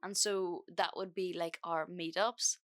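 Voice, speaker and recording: A woman's voice: fairly low pitch, steady tone, a little slow. A young woman hosting a podcast, telling a breakup story in a casual, frank way that is full of swearing and fillers. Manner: chatty, frank, swears freely, many fillers. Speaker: podcast host.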